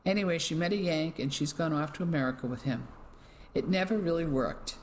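A storyteller voicing a stiff, self-pitying English gentleman in his sixties who speaks in a clipped way. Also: mid-range voice, fairly quick, a little hiss or hum, natural voice. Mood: pleading. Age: 60s.

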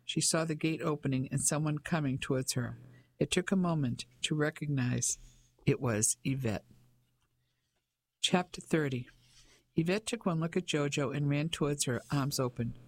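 A man reading a novel aloud as an audiobook narrator, measured and expressive. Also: on the high side. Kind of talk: scripted narration.

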